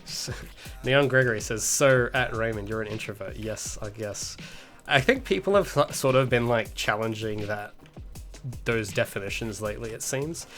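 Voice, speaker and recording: A man's voice: medium pitch, normal speed, fairly bright tone, soft background music. A man with an Australian accent chatting casually with viewers on an indie game dev livestream, rambling and hedging, chuckling now and then. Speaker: indie game developer streaming.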